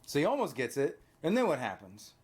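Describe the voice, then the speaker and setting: A man's voice: on the high side, brisk, husky. A man telling a movie plot in casual chat, quizzing a child with questions and tag questions. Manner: animated storyteller, prompting with questions. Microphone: on camera.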